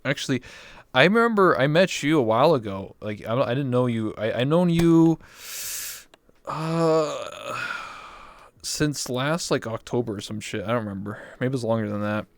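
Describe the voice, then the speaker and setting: A man in his twenties chatting casually on a livestream, excitable and swearing freely. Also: mid-range voice, normal speed, no room sound. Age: 20s. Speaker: VR chat streamer.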